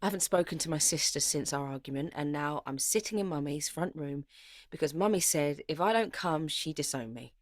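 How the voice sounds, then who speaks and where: A woman with a deep, natural voice speaks fairly quickly in a clean studio recording with no room sound. She is an actress playing a young woman playwright who tells her own life story in intense, confessional first-person narration. The character is anxious, grieving and bitter, and the mood is weary.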